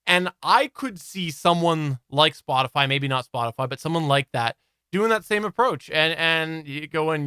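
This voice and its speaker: Male podcast co-host, animated and chatty, bright crisp tone, dry close sound. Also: on the high side, normal speed, no echo. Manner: animated, chatty, laughs easily. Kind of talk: casual live-stream chat.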